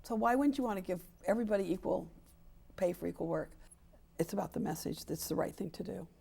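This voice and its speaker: This interview guest, a woman in her seventies championing sports equality, speaks quickly at medium pitch in a creaky, warm voice with a breathy edge. The conversation is candid, and she is emphatic, acting out what others said and repeating points to drive them home.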